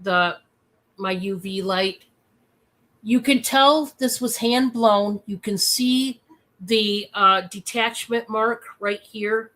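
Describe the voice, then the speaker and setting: A chatty, excitable woman hosts a casual live-stream sale, her speech full of fillers. Her voice sits at a medium pitch and she talks slowly.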